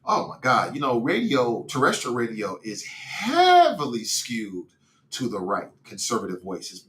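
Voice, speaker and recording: A middle-aged man hosts a casual livestream podcast, talking in a loose, rambling way full of slang and restarts. His voice sounds bright and edged, set in an echoing room. He is from Cincinnati. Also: medium pitch, huge pitch swings, a little slow. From Cincinnati, United States. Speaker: podcast host reading live chat.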